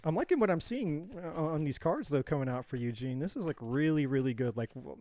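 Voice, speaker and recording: A man runs a casual live tarot reading in a voice pitched a bit above the usual male range. He rambles and jokes, drifts into side stories, and speaks straight to viewers by name. The sound is close and dry, with no room echo. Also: expressive, brisk, warm tone. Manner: rambling and jokey, going off on tangents; addresses viewers directly by name. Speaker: tarot reader hosting a live stream.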